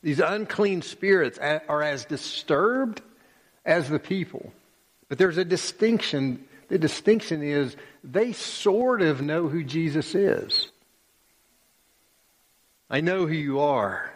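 A man's voice: a little high, lively intonation, slow, in a large hall. A male pastor preaching a sermon with emphatic, dramatic storytelling.

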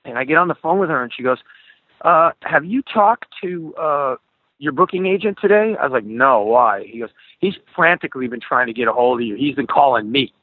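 A man's voice: medium pitch, fairly quick, slightly rough, no room sound. A middle-aged man telling a long story as a guest in an interview, acting out the dialogue as he goes. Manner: animated storyteller, acts out quoted dialogue. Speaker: guest musician. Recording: tinny phone-like call audio.

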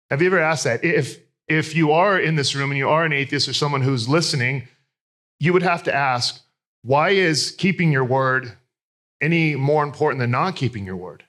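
A man's voice: on the high side, fairly bright tone. A man in his thirties preaching a sermon, telling candid, self-deprecating personal stories. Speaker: pastor.

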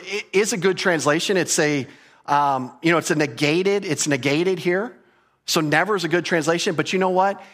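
A man's voice: fairly high pitch, fairly bright tone. A man preaching an expository sermon, explaining Greek grammar and repeating key phrases for emphasis. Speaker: pastor.

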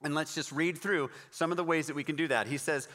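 A man's voice: fairly high pitch, steady tone, a little fast, sharp tone, in a large hall. A man preaching a sermon in a conversational, encouraging way, reading scripture and explaining it. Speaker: pastor.

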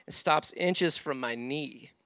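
A male pastor preaching with a bright, ringing voice and a smooth, clear tone. He tells his story with animated, self-deprecating humor, his voice close and dry. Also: fairly high pitch, takes it slowly, dry recording. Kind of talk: sermon with storytelling.

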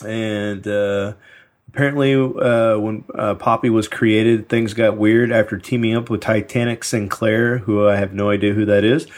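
A man's voice: fairly low pitch, flat delivery, normal speed. A man co-hosting a podcast, reading a news story aloud in a casual chat with many fillers and dry asides. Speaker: podcast co-host.

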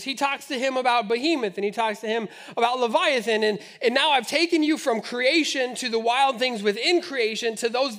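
A man preaching a sermon, lively, acting out the voices in the scripture he reads. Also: high voice. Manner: animated, acts out scripture voices. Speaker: pastor.

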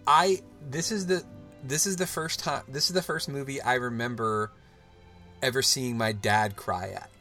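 A podcast host in his thirties speaks at a moderate pace in a bright, forceful medium-pitched voice. His casual chat is loose and rambling, full of "like" and restarts, over soft background music.

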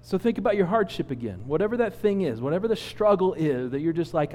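Pastor guy in his 40s telling a story from the pulpit, kinda high voice, big reverby hall. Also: fast talker. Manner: animated storyteller, acts out quotes. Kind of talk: sermon with personal story.

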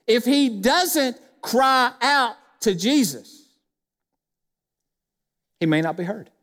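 Male pastor, high-pitched and emphatic, preaching with rhetorical questions in a church with a long reverb. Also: lively intonation, slow pace, fairly bright tone. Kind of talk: sermon. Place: church sanctuary.

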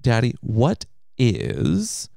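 A man's voice: medium pitch, wildly swooping pitch, extremely slow, vocal fry, dark tone, dry recording, clean studio sound. A man co-hosting a podcast in casual chat, teasing and joking. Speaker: podcast co-host.

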